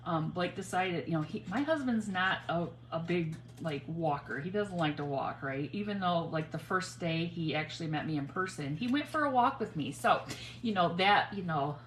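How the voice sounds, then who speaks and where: A woman's voice: on the low side, animated, moderate pace, a little hiss or hum. A middle-aged woman hosting a casual crafting livestream, chatting in a rambling way and greeting viewers by name. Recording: roomy home recording with faint ambience.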